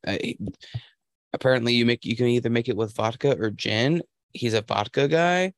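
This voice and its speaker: A young man co-hosting a podcast, telling a story in casual chat with halting restarts. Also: mid-range voice, dry recording. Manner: storytelling, halting restarts, puts on voices for quotes. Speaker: podcast co-host.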